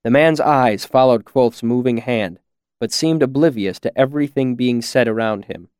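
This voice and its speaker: A man narrating a story in a measured, expressive way. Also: mid-range voice, clean tone, dry recording, studio quality. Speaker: audiobook narrator. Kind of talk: scripted narration.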